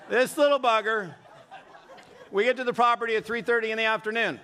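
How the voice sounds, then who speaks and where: High, bright-voiced keynote speaker on stage. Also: male voice, fairly quick, a faint crowd, a little hiss or hum. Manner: energetic storytelling with audience questions. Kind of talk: live motivational keynote. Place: large event hall on stage.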